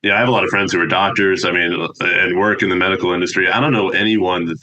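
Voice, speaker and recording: Man, very low voice with a bright, forceful edge, earnest theologian guest on a podcast. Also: steady tone, fast, lo-fi sound. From United States. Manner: thoughtful, earnest explaining. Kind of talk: reflective podcast conversation.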